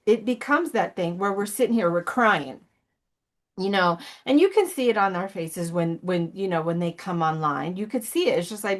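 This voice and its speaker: A woman ministry coach giving an emotional motivational talk, earnest and pleading, blunt and sometimes profane, rambling with many fillers and restarts. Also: mid-range voice.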